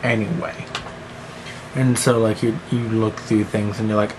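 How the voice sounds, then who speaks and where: A man's voice: fairly low pitch, animated, moderate pace, noisy background. A teenage boy rambling goofily in a one-take vlog monologue, jumping between silly voices and mumbled asides. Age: teens. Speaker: vlogger.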